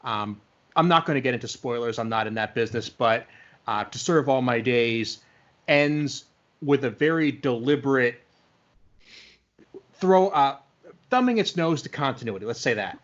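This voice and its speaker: A man's voice: medium pitch, animated, moderate pace, long pauses, fairly bright tone, muffled recording. Enthusiastic male podcast host. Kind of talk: casual podcast chat.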